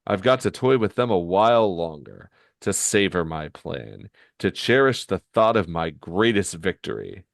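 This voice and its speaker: A man voicing a scheming, gloating male comic villain, smug and measured, in a low voice. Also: big pitch swings, gravelly, no echo, studio quality, exaggerated voice.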